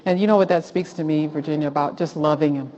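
A woman hosting a Christian talk, preaching with animated, rising exclamations. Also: low voice, fast. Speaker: host of a Christian talk show. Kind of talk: preaching-style Bible talk. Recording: dull lo-fi sound.

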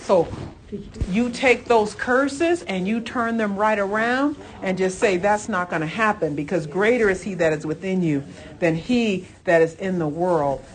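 A woman's voice: mid-range voice, unhurried. A woman teaching a church Bible lesson in a fervent, emphatic way. She talks conversationally, with asides and restarts, and breaks in with exclamations of praise. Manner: fervent, emphatic, exclaims "Hallelujah" between points.

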